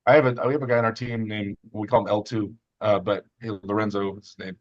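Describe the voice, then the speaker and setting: Guy rambling fast about training, animated and jokey, kinda muffled lo-fi audio. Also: fairly low pitch. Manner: rambling, animated, sarcastic jokes. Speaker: host, armwrestling team member. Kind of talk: casual chat. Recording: dull lo-fi sound.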